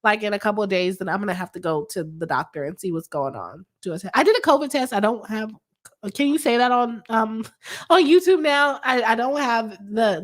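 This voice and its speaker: A woman, a lawyer hosting a casual live stream, reading viewer comments, laughing often and coughing from a cold. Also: mid-range voice. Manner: laughs often, talks in a chatty way with y'all.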